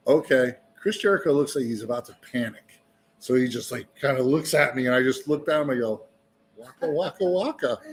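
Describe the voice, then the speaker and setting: A man spins a story in a lively, profane way, and he does the voices of the people in it. His pitch sits in the middle range. There is a faint hum of bar ambience behind him. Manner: profane, energetic storyteller who acts out other voices. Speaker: musician guest. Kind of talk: animated storytelling. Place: indoor meadery bar.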